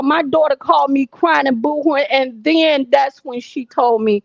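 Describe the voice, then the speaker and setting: A woman's voice: high-pitched, fairly even intonation, unhurried, creaky, hardly any pauses, no room sound, highs cut off. A woman in her sixties calling in to tell a long personal story in an earnest, emphatic, repetitive way. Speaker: caller.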